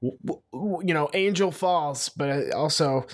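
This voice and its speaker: A man co-hosting a laid-back podcast with a slightly higher voice. He laughs easily and stumbles over words now and then. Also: moderate pace. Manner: easygoing, giggly, stammers a little. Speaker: podcast co-host. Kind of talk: casual chat.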